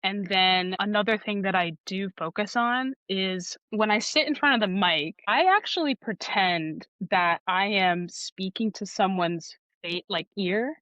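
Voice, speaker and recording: A woman's voice: mid-range voice, unhurried, few pauses, a bit bright, no echo, dull audio. A woman audiobook narrator talking in a casual podcast interview, thoughtful and often restarting her sentences.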